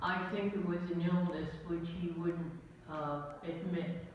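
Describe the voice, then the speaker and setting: An audience member speaking hesitantly and quietly during a reading. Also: medium pitch, steady tone, measured pace, a little hiss or hum. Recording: distant echoey hall, muffled.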